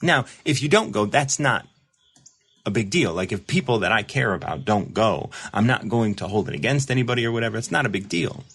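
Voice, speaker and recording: Male host, deep voice, rambling reflective livestream talk. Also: animated, a little fast, creaky, fairly bright tone, husky. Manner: rambling, reflective, many fillers and restarts; reads viewer comments aloud. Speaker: recovery mentor and show host. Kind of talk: casual livestream monologue.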